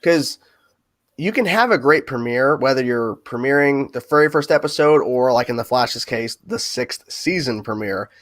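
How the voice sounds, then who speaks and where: A man hosting a casual livestream chat, chatty and easygoing, with quick asides. His voice sits in a middle range and sounds close and dry, with no room echo. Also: medium pitch, lively intonation, a bit bright. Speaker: host.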